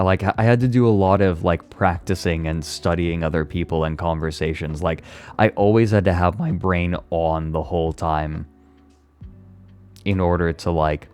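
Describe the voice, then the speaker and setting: A deep-voiced man chatting loosely on a live stream, with faint music behind him. He rambles, swears freely, leans on "like" constantly and laughs between thoughts. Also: a little mellow, smooth. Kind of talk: casual chat on a live stream.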